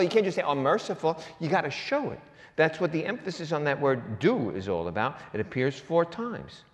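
Male preacher, slightly high voice, punchy rhetorical questions, big echoing sanctuary. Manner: swings between loud and hushed delivery. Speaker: pastor. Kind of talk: sermon. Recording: long reverb of a large hall.

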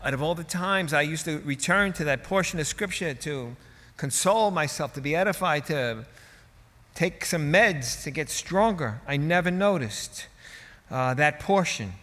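A man preaches with a slightly raised pitch, his voice carrying long reverb through a large church hall. He delivers the sermon dramatically and emphatically, dropping to hushed asides and then swelling to booming emphasis. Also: lively intonation, unhurried. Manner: dramatic, emphatic preaching with wide swings in loudness. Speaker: pastor.

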